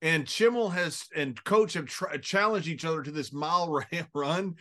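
A man's voice: a little high, normal speed, bright, forceful tone. A man co-hosting a podcast, chatting casually and telling anecdotes with chuckles. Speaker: podcast co-host. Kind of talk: casual chat.

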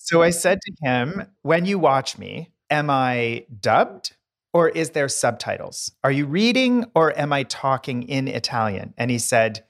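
A man's voice: mid-range voice, expressive, unhurried. Chatty man with a playful storytelling streak. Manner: chatty, playful, mimics voices for effect. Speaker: podcast co-host, decorator. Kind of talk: casual chat, storytelling.

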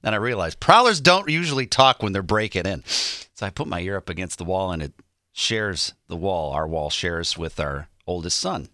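A man in his forties co-hosting a morning radio show, telling a story with animated energy and acting out the quotes. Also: low voice, moderate pace, no echo, clean studio sound.

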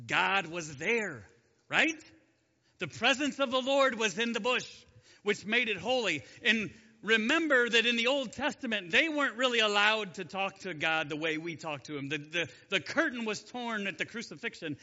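Guy teaching a bible story, chatty and jokey, high bright voice, echoey dull recording. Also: lively intonation, normal speed. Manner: chatty, jokey, asks the audience questions. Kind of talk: casual Bible story lesson.

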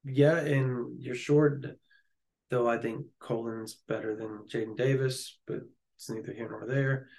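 A man co-hosting a casual sports chat, jokey and excitable, often laughing. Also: mid-range voice, unhurried, creaky. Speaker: sports podcast co-host.

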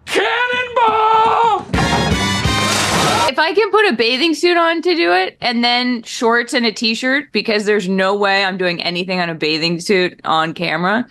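A young woman co-hosting a sports talk show, blunt and animated in her opinions. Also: mid-range voice, soft background music. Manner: animated, blunt, quick reactions. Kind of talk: casual sports talk banter.

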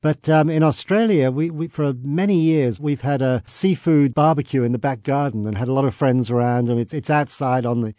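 A man's voice: mid-range voice, fairly quick, few pauses, dark tone, no echo. A man from England, a radio guest, recalling things thoughtfully with a few restarts. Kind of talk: radio interview.

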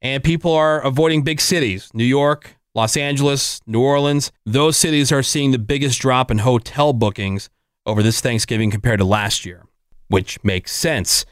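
Middle-aged male radio host, smooth clear voice, dry close sound, chatty survey reader. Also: medium pitch, no echo. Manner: chatty, reads statistics with quick asides. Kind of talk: casual radio banter, reading survey results.

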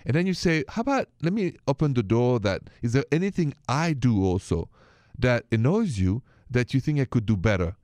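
A man hosting a radio relationship advice show in a playful, animated way. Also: medium pitch, moderate pace, no room sound. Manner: animated, playful, mixes in French greetings.

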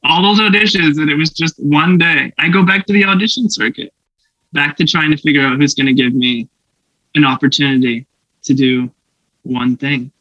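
Brief: young actor guest, animated storyteller, laughs often, dull dry podcast sound. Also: male voice, a little high, normal speed, no echo. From Canada. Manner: animated, laughing, acts out voices in anecdotes. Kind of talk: casual storytelling interview.

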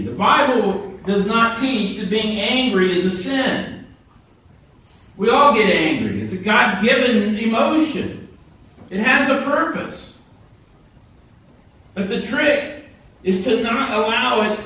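A man's voice: extremely high pitch, takes it slowly, pauses often, distant mic. Man preaching a sermon in an echoey hall. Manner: storytelling with animated quoted voices.

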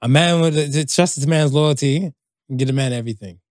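A man's voice: fairly high pitch, brisk, a little mellow, no room sound, studio quality. A man from Canada co-hosting a podcast in casual chat, slangy and rambling with lots of fillers and restarts. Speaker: podcast co-host.

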